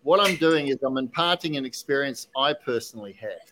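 A man hosting a podcast, telling an animated story casually with many restarts and asides. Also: medium pitch, brisk, heavy background noise. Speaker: podcast host, whiskey distiller.

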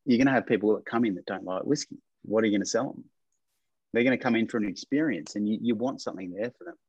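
A man's voice: mid-range voice, darkish tone, slightly rough, no room sound, highs cut off. A man, a distillery owner, chatting casually and rambling a little with fillers. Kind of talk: casual chat.

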